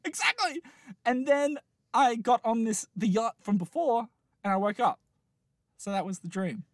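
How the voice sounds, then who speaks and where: A man's voice: extremely high pitch, moderate pace, no room sound, studio quality. A man in his late twenties chatting casually, telling a long rambling dream with lots of laughter and restarts. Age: late 20s. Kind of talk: casual chat, dream storytelling.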